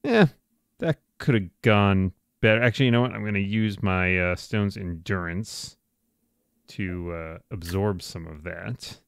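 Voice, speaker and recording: Wry gravelly man playing a tabletop game. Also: low voice, a little slow, no room sound, studio quality. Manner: relaxed, wry, thinking aloud. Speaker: player. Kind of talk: casual tabletop game play.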